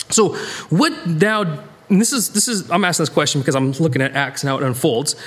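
An American man leading a Bible study, talking it through casually with lots of restarts and sudden bursts of emphasis. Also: husky. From United States. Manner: animated, rambling, self-interrupting, jumps in pitch for emphasis. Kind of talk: conversational Bible teaching.

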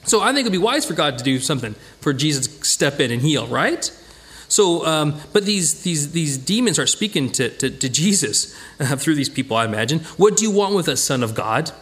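Man, Bible study teacher, casual and lively, frequent restarts, slightly high voice. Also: moderate pace. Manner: conversational, animated, acts out quoted voices, many restarts.

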